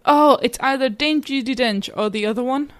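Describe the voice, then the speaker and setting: A woman co-hosting a casual chat show, excitable and gushing. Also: high voice, normal speed. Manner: excitable, gushing, gasps and exclaims. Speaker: podcast co-host.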